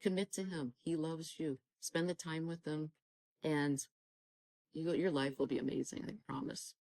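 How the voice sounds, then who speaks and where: A woman's voice: deep voice, steady tone, normal speed, a little mellow, no room sound, rough recording. A woman sharing a personal faith testimony in an interview, talking earnestly and urging listeners on, often acting out the dialogue she recalls. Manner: fervent, exhorting, acts out quoted dialogue.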